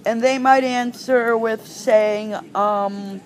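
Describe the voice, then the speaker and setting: A woman giving an informal online language lesson, hesitant with frequent ums and restarts, slowing down to pronounce example phrases. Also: fairly high pitch, fairly even intonation, a little mellow. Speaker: language tutor.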